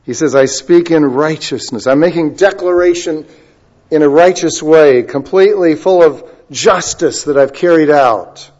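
A male preacher giving a sermon, moving between loud emphasis and quiet asides and stretching key words out slowly. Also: on the high side. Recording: dull lo-fi recording.

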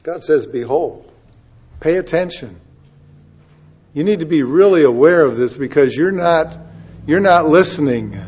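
A man preaching a sermon with a fairly high voice, captured on a dull, lo-fi recording. He drops into quiet asides, then rises into loud, forceful readings of scripture. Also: lively intonation, unhurried, pauses often, slightly rough. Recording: dull lo-fi sound.

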